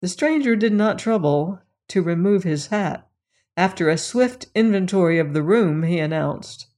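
An audiobook narrator reading a story in a steady, measured manner. The voice sits at an ordinary middle pitch and moves through the prose evenly. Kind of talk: scripted narration.

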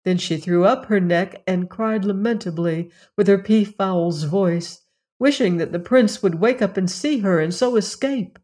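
A woman narrating a fairy tale in a measured, solemn storytelling manner. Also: mid-range voice, a little mellow. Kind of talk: storybook reading.

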